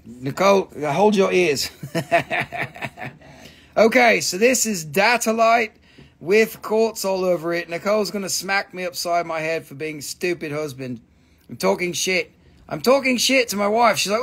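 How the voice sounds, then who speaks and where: A high-voiced man hosts a live stream selling crystals and rocks, keeping up casual sales chat with joking, profane, teasing banter. He sounds expressive, gravelly and fairly bright, going a little slow, and when flustered he trails off with repeated fillers.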